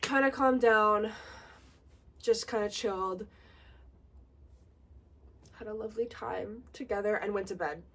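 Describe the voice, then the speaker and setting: A woman's voice: mid-range voice, unhurried, pauses often, distant mic. Chatty young woman telling a story. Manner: animated, chatty, many "like"s. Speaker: vlogger. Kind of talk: casual storytime while getting ready.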